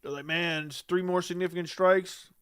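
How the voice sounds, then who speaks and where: A man hosting a casual livestream, reading chat and firing back bluntly and dismissively. His voice sits a bit high and comes through crisp and clear. The sound is dry, with no room echo. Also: steady tone, normal speed, fairly bright tone.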